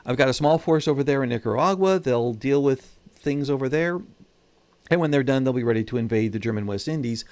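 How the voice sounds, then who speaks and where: A man's voice: medium pitch, fairly quick, darkish tone, clear, resonant tone, no echo. A man hosting his own channel, giving casual, wry commentary while he plays a strategy game and thinks aloud about his moves. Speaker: gaming channel host.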